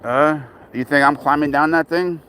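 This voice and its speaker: A man's voice: a little high, steady tone, normal speed, sharp tone, clean tone. A man filming his cat at an outdoor playground, chatting casually with profane, exasperated banter. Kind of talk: casual vlog chat.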